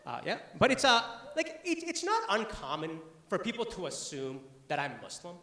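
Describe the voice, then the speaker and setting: Young man, stand-up comic, from the Boston area, lively swinging pitch, fairly high voice, roomy club sound. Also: takes it slowly, long pauses, slight background noise. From Boston area, USA. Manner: conversational, with frequent "uh" fillers. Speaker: stand-up comedian. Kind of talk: stand-up comedy set. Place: comedy club stage before an audience.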